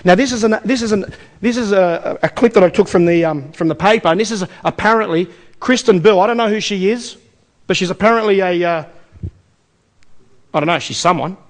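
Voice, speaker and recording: Fast, high-voiced Australian seminar presenter. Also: male voice. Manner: energetic, quizzes the audience with rhetorical questions. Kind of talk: live investment seminar pitch. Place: in front of a live audience.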